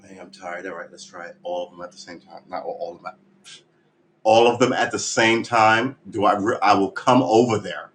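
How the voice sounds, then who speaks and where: A man's voice: low voice, moderate pace, fairly bright tone, slight background noise, rough recording. A man live-streaming his guitar practice, chatting in a rambling, jokey, self-mocking way. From United States. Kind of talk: casual live-stream chat.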